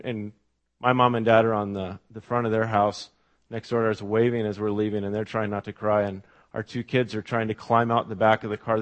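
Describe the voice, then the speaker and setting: A middle-aged man preaching a sermon as pastor, telling stories in a conversational way with fillers and asides to the congregation. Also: lowish voice.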